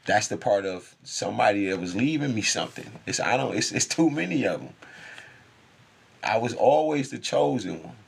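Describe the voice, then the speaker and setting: A man's voice: on the low side, animated, normal speed, gravelly, slightly rough. A man speaking in an intense, profane, rambling spiritual monologue, laughing often.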